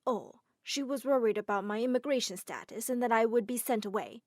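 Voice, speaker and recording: A worried young makeup artist, voiced by a woman in an animated story. She explains herself in an apologetic way. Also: a little high, brisk, no echo, clean studio sound, close to an everyday voice. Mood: explaining.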